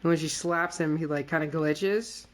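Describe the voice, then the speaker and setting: A woman's voice: low-pitched, fairly even intonation, moderate pace. A woman co-hosting a podcast, chatting casually with lots of fillers and playfully quoting characters. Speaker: podcast co-host. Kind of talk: casual recap chat.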